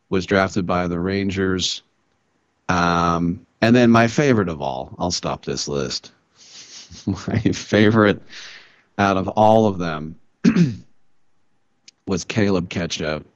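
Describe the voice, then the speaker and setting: A man hosting a sports radio show, riffing wryly and clearing his throat often. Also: deep voice, dry recording, muffled recording. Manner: joking, wry riffing with frequent throat clearing. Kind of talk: casual sports talk monologue.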